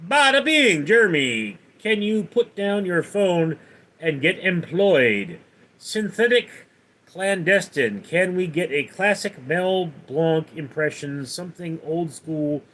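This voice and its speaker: Slow, lively livestreaming man. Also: on the high side. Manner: reads viewers' chat questions aloud and answers them. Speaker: livestream host. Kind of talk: casual live chat.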